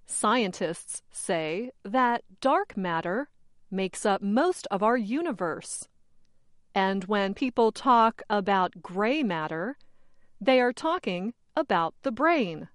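A woman hosting an English-learning program, reading a scripted lesson slowly and with careful, clear enunciation. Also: medium pitch, animated, no echo, clean studio sound. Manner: measured, carefully enunciated delivery. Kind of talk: slow, clearly scripted teaching narration.

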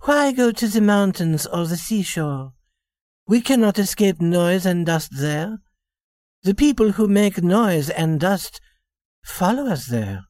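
A woman's voice: fairly low pitch, animated, slow pace, a little mellow, dry recording, clean studio sound. A woman voicing a young shop girl posing as a rich lady, speaking politely in a scripted story reading. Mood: genteel. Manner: polite, genteel, then plainly candid.

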